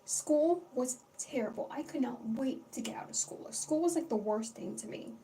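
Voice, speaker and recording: Speaking at a normal speed, this young livestream host has a high-sitting voice with a dark tone. She rambles chattily through a casual stream, cursing freely and saying hello to her chat. Faint background noise comes through a distant mic.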